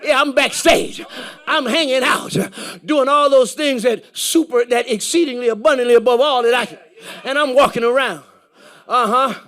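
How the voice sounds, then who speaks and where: Male preacher, high-pitched, lively storyteller who acts out dialogue, church setting. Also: normal speed. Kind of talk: storytelling sermon.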